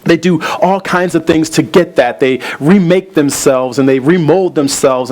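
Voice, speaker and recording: A male pastor preaching a sermon. He tells a story, links clauses with repeated "and", and slows down for emphasis. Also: fairly high pitch, a little mellow, rough recording.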